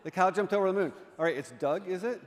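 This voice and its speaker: Man, fairly high voice, playful joking talk, quizzes the crowd, long church reverb. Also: fast talker. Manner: playful, jokey, quizzes the audience. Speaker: artist in residence giving a presentation. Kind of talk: humorous illustrated talk to a congregation. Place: church sanctuary.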